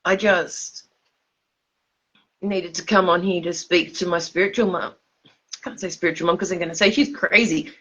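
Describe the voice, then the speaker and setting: A woman's voice: fairly low pitch, fairly even intonation, normal speed, long pauses, a bit bright, breathy edge, highs cut off. A tipsy woman with an Australian accent rambling casually on a livestream, loose and repetitive, laughing mid-sentence. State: drunk, slurring.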